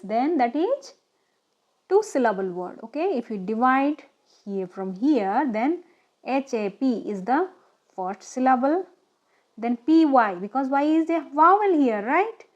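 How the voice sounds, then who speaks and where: Slow, high-pitched woman teaching phonics. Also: darkish tone, dull audio. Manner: slow, deliberate, often asks "okay?". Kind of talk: children's phonics lesson.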